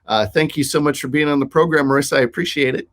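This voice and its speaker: A man's voice: on the high side, fast, a bit bright. A middle-aged man from Minnesota hosting a talk show, chatting casually with a guest and often restarting his sentences. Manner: rambling, with many restarts and fillers. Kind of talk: casual interview chat.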